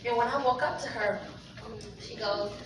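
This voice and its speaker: A woman comic on stage, telling a loud, animated story and putting on voices. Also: fairly high pitch, normal speed. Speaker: stand-up comic. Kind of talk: stand-up comedy set. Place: comedy club stage. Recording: roomy, distant club recording with loud crowd. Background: audience laughter and room noise.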